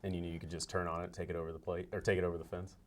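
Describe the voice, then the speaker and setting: A man hosting a sports interview show, asking questions briskly and chiming in with quick okays. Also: low-pitched, level tone. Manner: brisk, eager back-channel replies.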